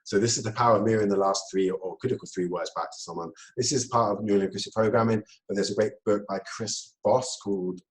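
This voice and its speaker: A man with a somewhat low voice gives a talk on communication. He keeps it lively, breaking into laughter and acting out short quoted exchanges to make his points. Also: fast, hardly any pauses, poor audio. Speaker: speaker.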